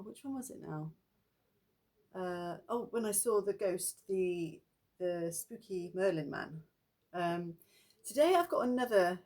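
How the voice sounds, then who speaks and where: This spiritual vlogger, a middle-aged woman, rambles chattily through ghost stories. Her meandering telling is punctuated by lively quotes she acts out in a high pitch.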